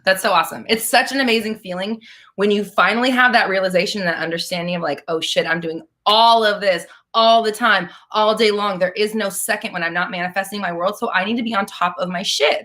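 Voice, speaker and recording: A woman's voice: mid-range voice, pushed and bright. Chatty, blunt woman hosting a livestream. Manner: chatty and blunt, swears freely, laughs often. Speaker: manifestation coach hosting a live Q&A. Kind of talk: casual live-stream chat.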